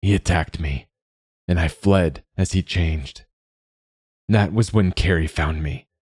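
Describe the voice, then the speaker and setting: A man voicing a weary, gruff but kind old male swordsman, speaking in a low murmur in a storybook reading. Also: slow, a little mellow, no room sound, exaggerated voice.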